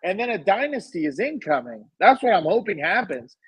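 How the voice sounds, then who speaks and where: A man's voice: sits high, very animated, fairly quick, breathy edge, dry recording, rough recording. A man co-hosting a casual sports podcast, opinionated and emphatic, often repeating himself. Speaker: podcast co-host.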